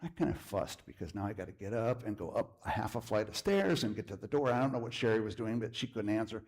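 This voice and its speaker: A middle-aged man, preaching as a guest speaker and telling a personal story that swings from lively to hushed. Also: on the low side, fast talker. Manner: storytelling with lively shifts, drops to a hush. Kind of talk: sermon testimony. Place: church.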